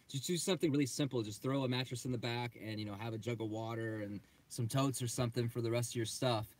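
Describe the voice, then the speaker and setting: Male co-host, mid-range voice, relaxed and matter-of-fact, casual chat. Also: medium pitch, brisk, few pauses. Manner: relaxed, practical advice-giving. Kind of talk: casual livestream Q&A.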